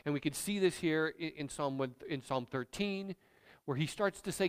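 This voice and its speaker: A man's voice: a little high, normal speed, smooth. A man preaching a sermon as pastor, speaking in an emphatic, conversational way.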